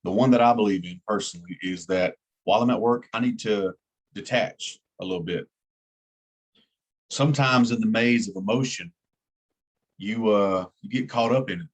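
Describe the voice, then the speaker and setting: A man's voice: lowish voice, moderate pace. A man teaching an EMT class in a plain-spoken way, repeating key words for emphasis. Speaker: EMT instructor. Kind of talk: classroom lecture.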